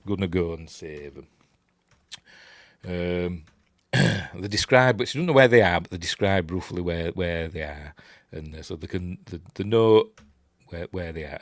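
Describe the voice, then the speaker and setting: A man's voice: sits low, no room sound, studio quality. A man with a Yorkshire accent giving a casual, rambling film commentary, chatty and self-deprecating, muttering asides to himself. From Yorkshire, England. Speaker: film reviewer.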